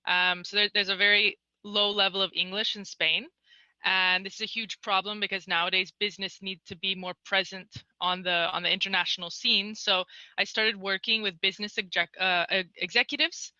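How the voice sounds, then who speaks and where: A woman's voice: mid-range voice, sharp tone, no room sound, dull audio. A woman from North Carolina, a guest on a podcast, telling her story in a friendly, fluent way. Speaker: podcast guest, analytics consultant. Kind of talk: casual podcast interview.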